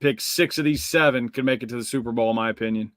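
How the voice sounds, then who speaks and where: A man's voice: medium pitch, a bit bright, no echo. Laid-back man in a dry room. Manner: laid-back, measured, restarts his sentences. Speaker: podcast co-host. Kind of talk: casual sports betting chat.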